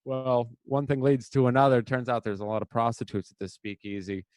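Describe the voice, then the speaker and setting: A man's voice: mid-range voice, a little fast, a little mellow, no echo. A young man co-hosting a casual podcast, rambling through a story and acting out the lines. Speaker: podcast co-host. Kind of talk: casual chat.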